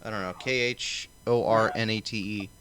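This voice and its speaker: A man's voice: lowish voice, steady tone, normal speed, fairly bright tone, a little hiss or hum. A man hosting a casual livestream panel, swearing and rambling with lots of fillers. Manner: profane, rambling, filler-heavy. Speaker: stream host.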